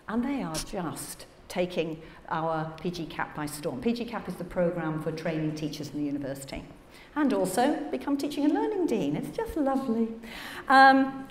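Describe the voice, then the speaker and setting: A woman giving a conference keynote, animated and chatty, laughing through asides to the audience. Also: medium pitch, slight background noise. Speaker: plenary conference speaker. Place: large conference hall. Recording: echoey hall with faint room ambience.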